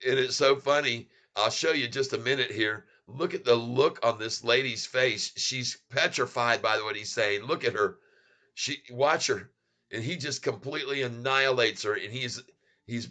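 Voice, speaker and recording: A man hosting his own stock market channel, talking in an excitable, rambling way and laughing often as he comments on a video. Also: fairly low pitch.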